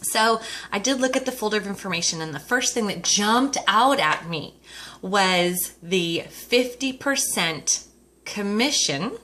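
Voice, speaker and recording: Woman, animated storyteller, bright sharp voice, swoops up and down in pitch, acts out quoted voices. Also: a little slow. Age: adult with a husband, dating herself. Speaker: Mary Kay consultant. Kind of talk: personal story told to an audience.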